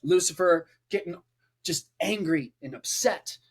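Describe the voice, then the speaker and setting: A man's voice: sits high, measured pace, husky. A man who is a preacher, talking as a podcast guest in a passionate conversational way, with emphatic repetition and rhetorical lists.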